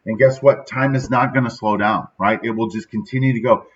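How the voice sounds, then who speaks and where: A man's voice: fairly low pitch, steady tone, fairly quick, distant mic. A middle-aged man hosts his daily motivational talk in a sad, subdued mood. He speaks casually and reflectively, often checking in with "right?". The recording is slightly dull and picked up from a little way off the mic. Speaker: podcast host.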